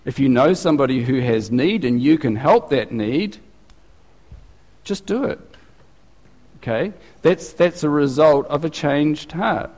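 A man's voice: a little high, animated, unhurried, pauses often, a little mellow, big-room sound. A man preaching a sermon as pastor, chatty and asking his congregation questions. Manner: conversational, asks the congregation questions.

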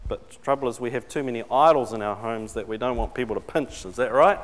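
A man's voice: medium pitch, fast talker, noisy background. A man preaching a sermon in a conversational way, putting questions to his congregation. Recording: long reverb in a large hall.

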